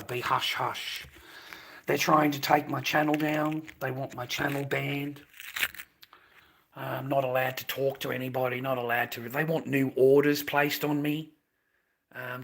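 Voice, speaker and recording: A man's voice: medium pitch, vocal fry, a bit bright, breathy edge. A man on a live stream ranting with agitation, repeating himself, stumbling over his words and swearing. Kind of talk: emotional livestream rant.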